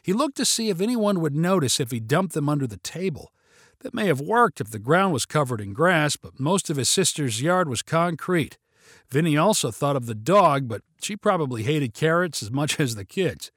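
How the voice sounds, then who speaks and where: A man narrating a story aloud in an animated way. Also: a little high, normal speed, husky, no echo, studio quality. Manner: animated storytelling, shifting into character voices.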